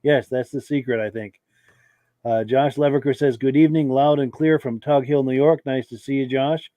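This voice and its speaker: A man's voice: medium pitch, moderate pace, no echo. A male podcast host with a cold and a fading voice, chatting casually as he reads viewer comments on a live show. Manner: relaxed, chatty, with many fillers. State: losing his voice from a cold, coughing.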